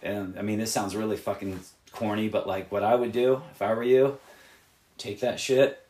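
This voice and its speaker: A man's voice: lowish voice, steady tone, moderate pace, darkish tone, reverberant. A man who plays in a rock band, giving other bands blunt, rambling advice full of swearing. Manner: profane, emphatic and rambling. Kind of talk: candid advice monologue.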